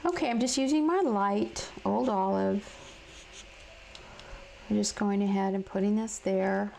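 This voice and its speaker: A woman with a gravelly, fry-touched voice hosts a casual live crafting session from home. She chats along with many fillers and restarts and answers viewers while she colors. A faint hiss of noise sits under her voice. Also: medium pitch, unhurried, a little mellow, rough recording. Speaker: crafting livestream host.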